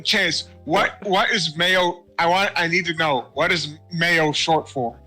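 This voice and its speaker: A man's voice: fairly high pitch, slow pace, sharp tone, faint music behind. A man co-hosting a podcast in casual chat, teasing and needling his partner, often laughing. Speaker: podcast co-host.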